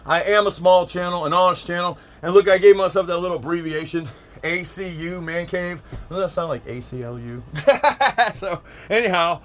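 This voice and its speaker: A man's voice: on the high side, a bit bright. Chatty folksy man reviewing a product. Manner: chatty, folksy, repeats himself. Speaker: product reviewer, channel host. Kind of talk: casual product review vlog. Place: outdoors by a vehicle, then indoor man cave.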